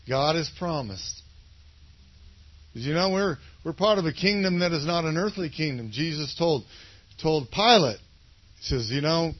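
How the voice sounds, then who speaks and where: A man's voice: a little high, highs cut off. Rambling, conversational male pastor. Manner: conversational, rambling, asks for agreement. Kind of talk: casual sermon.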